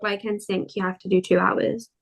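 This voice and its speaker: A British woman in relaxed podcast chat, talking through her ideas at length. Her voice sits at a middle pitch. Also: normal speed, vocal fry. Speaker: podcast guest. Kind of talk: casual chat.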